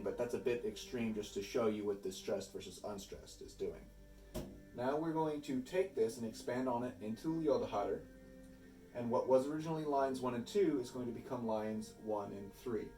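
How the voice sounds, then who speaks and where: A man's voice: medium pitch, dark tone, reverberant, far from the mic. A man patiently explaining old verse rules step by step, with small restarts. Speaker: reenactor teaching poetry. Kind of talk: explanatory lesson.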